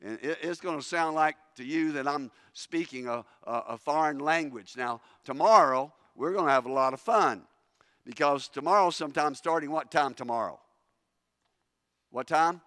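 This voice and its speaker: A man's voice: a little high, moderate pace, pushed and bright, studio quality. A man preaching a sermon emphatically, often restarting his words. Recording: long reverb of a large hall.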